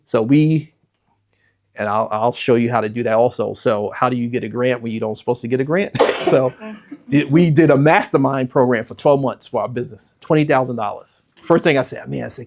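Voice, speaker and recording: A man's voice: medium pitch, a little fast. A man coaching a workshop audience, telling stories and acting out the people in them. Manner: animated storytelling, acts out quoted exchanges. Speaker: business strategy coach. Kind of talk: workshop presentation. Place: event room with a live audience.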